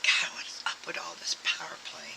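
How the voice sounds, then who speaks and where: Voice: brisk, pushed and bright, whispered, poor audio. A tarot reader giving a casual, rambling reading full of fillers and acted-out quotes. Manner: rambling and filler-heavy, acts out quoted thoughts.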